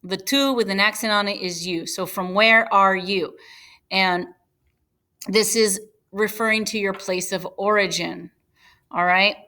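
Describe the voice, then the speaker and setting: Woman, Spanish teacher, bright clear voice, patient step-by-step explaining. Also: medium pitch, steady tone. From United States. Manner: patient, explains step by step, spells out words slowly. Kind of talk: recorded slide lesson.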